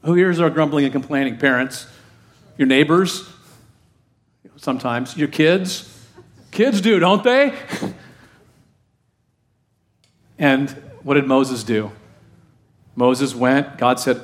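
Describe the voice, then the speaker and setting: A man's voice: medium pitch, animated, slow, pauses often. A middle-aged man, a pastor giving a sermon in a conversational way and putting questions to the congregation.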